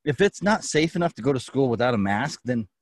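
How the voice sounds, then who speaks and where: A man hosts a podcast, rambling through his thoughts, restarting his sentences and breaking into laughs. He is recorded close and dry, with no room sound. His pitch is middling for a man. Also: sing-song, a little fast, dry recording. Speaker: podcast host. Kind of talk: casual chat.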